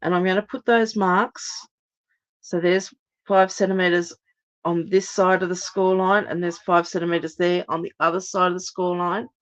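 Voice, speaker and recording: Hoarse middle-aged woman demonstrating crafts. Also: lowish voice, little pitch movement, moderate pace. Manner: chatty, step-by-step, many ums. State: hoarse, recovering voice. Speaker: crafting live-stream host. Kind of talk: live card-making demonstration.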